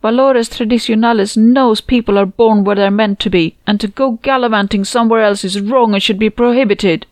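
A woman's voice: a little high, fairly even intonation, brisk, few pauses, darkish tone, dry recording, voice pushed up, natural voice. A woman voicing a hysterical, fanatical grieving mother who rants at a funeral. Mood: shrieking rant. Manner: hysterical, ranting.

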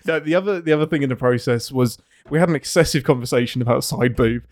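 A man co-hosting a casual podcast chat, animated and laughing as he makes his points. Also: mid-range voice, a little fast, no echo, clean studio sound. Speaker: podcast co-host, video writer.

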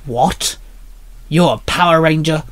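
A man voicing a cruel half-human, half-monster male villain in a rasping, low voice. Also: measured pace, a bit bright. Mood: incredulous.

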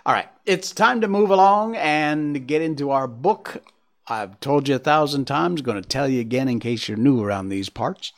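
A man's voice: mid-range voice, normal speed. A man hosting a show, chatting casually with fillers before reading a classic storybook aloud. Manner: relaxed, chatty, with fillers and trailing off. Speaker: host reading a book aloud. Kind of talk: casual chat and storybook narration.

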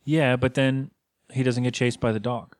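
Man, podcast co-host, casual recap, joking, mid-pitched, dry close mic. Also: fairly even intonation, a little mellow, dry recording. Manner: joking, retells scenes with quick put-on quotes. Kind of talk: casual episode recap chat.

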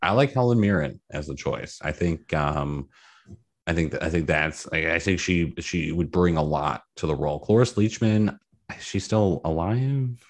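A man co-hosting a podcast in playful casual chat, his voice jumping up on emphasis. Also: normal speed. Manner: playful, jumps up in pitch on emphasis. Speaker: podcast co-host.

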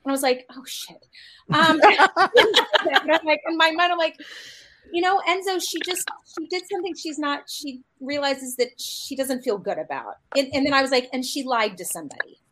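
High-voiced woman telling a story. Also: expressive, normal speed, sharp tone, a little hiss or hum. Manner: anecdotal, acts out quoted dialogue. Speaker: actor and panel guest. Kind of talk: casual panel storytelling.

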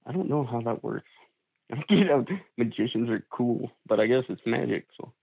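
A man's voice: mid-range voice, normal speed, vocal fry, breathy edge, no room sound, narrow, tinny audio. A man co-hosting a podcast, talking in a blunt, sweary, sardonic way in casual chat. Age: older. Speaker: podcast co-host.

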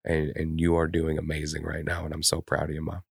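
This podcast co-host is a man whose very deep voice is gravelly and slightly rough, and he talks in a casual, candid way. Brisk and completely flat in delivery, he is still blunt, heavy on swearing, and openly emotional. Audio is close and dry without any room sound.

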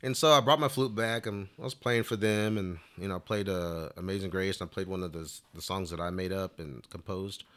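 A flute player with a low, slightly bright voice tells a long story briskly, barely pausing. The interview talk is casual and rambling, peppered with "you know."

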